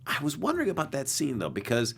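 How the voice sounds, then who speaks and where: A man co-hosting a casual talk show, talking in a lively, teasing way. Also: mid-range voice, fast, creaky, husky. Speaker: co-host. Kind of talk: casual chat.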